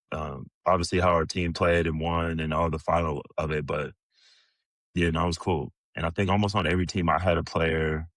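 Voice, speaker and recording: A man in his thirties, a former pro athlete, telling stories in a relaxed interview, cursing freely and chuckling often. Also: deep voice, dry recording, clean studio sound. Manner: laid-back, swears freely, chuckles often. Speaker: podcast guest, retired pro basketball player. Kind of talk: casual storytelling interview.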